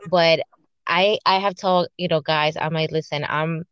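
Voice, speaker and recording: Candid, chatty woman host, low voice, dry and slightly lo-fi. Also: unhurried, clean tone, no room sound. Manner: candid, chatty, animated storytelling. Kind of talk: casual podcast conversation. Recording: slightly dull lo-fi audio.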